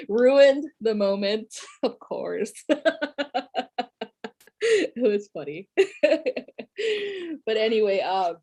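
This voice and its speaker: A woman's voice: mid-range voice, animated, drawn-out words, long pauses, dark tone. A woman talking casually to viewers as a tarot reader, chatty, with lots of fillers and frequent laughter.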